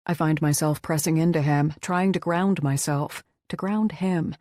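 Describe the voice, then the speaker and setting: A woman's voice: low-pitched, level tone, normal speed, few pauses, dark tone, no echo, clean studio sound. A woman reading a first-person romance audiobook in an intimate, tender way. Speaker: audiobook narrator.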